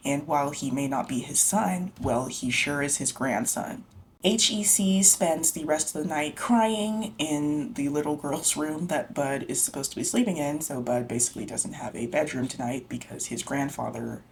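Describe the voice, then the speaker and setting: A woman's voice: low voice, moderate pace, a little hiss or hum. A woman giving a casual, slangy book recap, chatty and swearing freely. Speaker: book vlogger.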